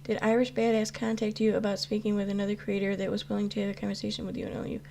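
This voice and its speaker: A woman talks off the cuff to her livestream chat in a middle-pitched voice. She rambles, backs up, and restarts her sentences, with fillers all through. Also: completely flat delivery, racing, vocal fry, dark tone, a little hiss or hum. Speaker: YouTube commentary host answering live chat. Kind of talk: casual live-stream chat.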